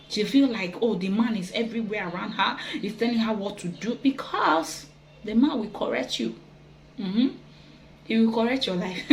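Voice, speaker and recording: A woman talks earnestly and gently, giving advice to wives. Her pitch sits in a middle range. A faint hiss runs under the recording. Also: rough recording. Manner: gentle, earnest, with soft laughs and quoted asides. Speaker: relationship teacher.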